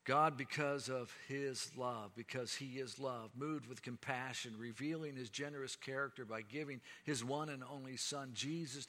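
A man preaching a sermon, measured and rising to emphatic declarations. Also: medium pitch, pushed and bright. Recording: long hall reverb.

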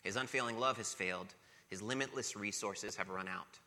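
A man's voice: fairly low pitch, moderate pace, bright, forceful tone. A man preaching a sermon as pastor, earnest and emphatic, building points through rhetorical questions and repetition. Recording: long reverb of a large hall.

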